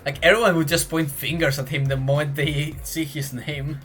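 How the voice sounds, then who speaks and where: A streamer giving excitable, laughing commentary while playing through a story game. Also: medium pitch, moderate pace, soft background music. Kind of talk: casual let's play commentary.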